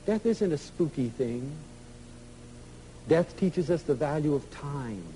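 A man giving an emotional, storytelling lecture to an audience, swinging from loud to soft. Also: a little high, animated, takes it slowly, a little hiss or hum, rough recording.

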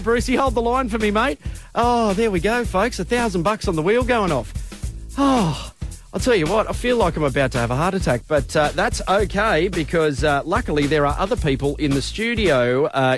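An Australian man in his thirties hosting breakfast radio, exuberant and shouting with excitement. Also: high voice, moderate pace. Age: 30s. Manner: exuberant, shouting with excitement, says mate often. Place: radio studio. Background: music.

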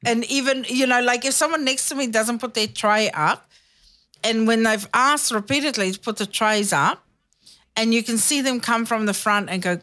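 A woman's voice: medium pitch, normal speed. A woman hosting a podcast, chatting casually, swearing freely and acting out voices in her stories. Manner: animated, swearing, acts out voices in anecdotes. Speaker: podcast host. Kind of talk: casual chat.

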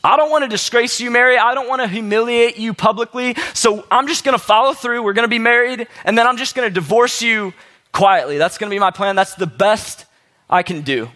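A man's voice: very high voice, brisk, pushed and bright. A man voicing a young Joseph, easygoing and playful, who talks in casual slang. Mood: resolved.

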